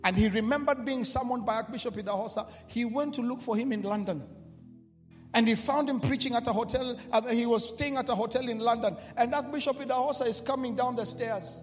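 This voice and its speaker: High-voiced man preaching in a hall. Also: brisk. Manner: swings from quiet storytelling to shouted declarations; repetitive, call-and-response. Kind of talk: sermon. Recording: reverberant hall with music behind.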